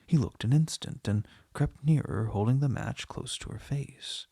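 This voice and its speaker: A man with a husky, gravelly voice reading a short story aloud in a measured, unhurried way. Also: medium pitch, warm tone, no echo, studio quality. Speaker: reader.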